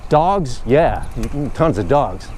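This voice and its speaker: A man's voice: medium pitch, sing-song, slow, a little mellow, slight background noise. A man chatting casually and rambling good-humoredly while riding his bike outdoors. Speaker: vlogger. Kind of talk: casual narration while cycling.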